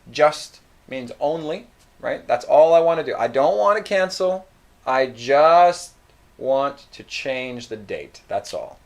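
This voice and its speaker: A man teaching English, explaining phrases slowly and repeating example sentences. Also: a little high. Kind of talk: slow explanatory English lesson.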